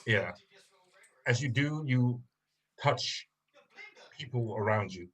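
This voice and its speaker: A man narrating a tabletop game as game master, in slow, halting narration with many fillers. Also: mid-range voice.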